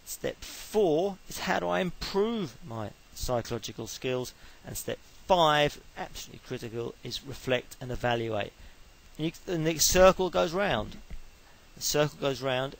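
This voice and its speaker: A man's voice: on the high side, lively intonation, measured pace, creaky, poor audio. A middle-aged man giving an informal lecture on sport psychology, chatty and explaining step by step with everyday examples.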